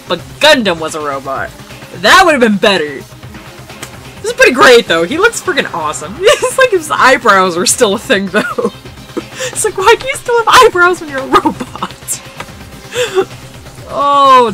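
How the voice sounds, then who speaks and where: Giggly bright-voiced tired woman gamer. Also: fairly high pitch. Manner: giggly, swears casually, laughs often. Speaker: let's play gamer. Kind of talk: reading game text aloud and casual commentary. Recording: faint background music.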